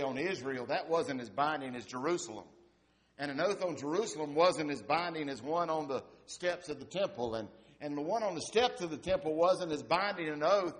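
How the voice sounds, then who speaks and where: Pastor guy giving a sermon, chatty, asks the crowd questions, voice drops soft at the end of lines. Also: on the high side. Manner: conversational, asks rhetorical questions, trails off softly at phrase ends.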